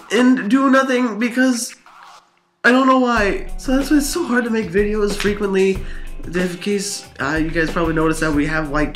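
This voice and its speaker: A man telling rambling gaming stories in a vlog, animated and laughing, his voice jumping up high in the exciting parts, tired. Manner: animated, laughing storytelling with big pitch swings. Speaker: vlogger.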